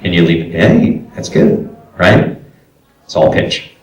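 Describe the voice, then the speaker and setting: A man's voice: low-pitched, huge pitch swings, takes it slowly, darkish tone, lo-fi sound. A man from Brooklyn teaching voice acting at a convention panel, chatty and explanatory, with lots of fillers. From Brooklyn, New York. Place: large echoey convention room. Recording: echoey room, voice from far off.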